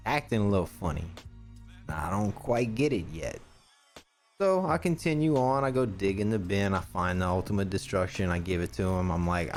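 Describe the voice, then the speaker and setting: A man telling a story on a podcast, animated, acting out the people in it and swearing freely. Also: fairly low pitch. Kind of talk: casual storytelling on a stream podcast.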